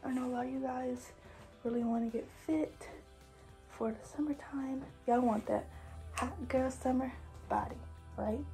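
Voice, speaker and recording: A woman's voice: high voice, steady tone, unhurried, warm tone, faint music behind, poor audio. A young adult woman vlogging a home workout, chatting with viewers while slightly out of breath. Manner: chatty, filler-heavy, addresses viewers as you guys. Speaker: fitness vlogger. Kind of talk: casual vlog talk to viewers.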